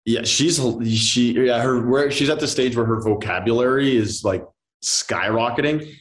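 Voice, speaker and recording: A man in his thirties, an actor chatting as a podcast guest, rambling and animated with lots of fillers. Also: mid-range voice, moderate pace. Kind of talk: casual interview chat.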